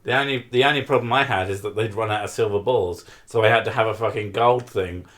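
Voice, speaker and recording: A man's voice: fairly low pitch, quick pace, fairly bright tone. A man with a British accent co-hosting a casual podcast, making dry jokes and swearing freely. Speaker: podcast co-host. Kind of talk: casual chat.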